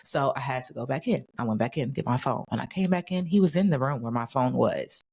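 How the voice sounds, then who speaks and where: A woman's voice: extremely low pitch, expressive, brisk, a little mellow, slightly rough. A woman guest on a podcast, recounting events in casual, blunt talk and swearing freely. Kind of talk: casual storytelling.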